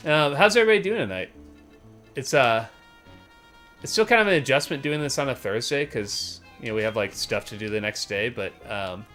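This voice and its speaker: A man in his thirties streaming a retro game, talking in a relaxed, rambling way with many fillers. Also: medium pitch, fairly quick. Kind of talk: casual game-stream chat. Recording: faint game music behind.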